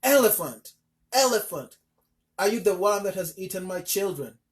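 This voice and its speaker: A desperate, determined mother from a folk tale, as a male storyteller puts her on. The voice is raised above his usual pitch and pushed loud and urgent. It is pleading one moment and shouting the next. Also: moderate pace, natural voice. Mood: furious shouting. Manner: pleading, then shouting angrily. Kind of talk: storybook reading.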